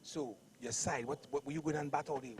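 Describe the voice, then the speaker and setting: A man, a pitchside reporter bantering playfully with a player in the stands at a cricket ground. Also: heavy background noise. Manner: teasing, quick banter.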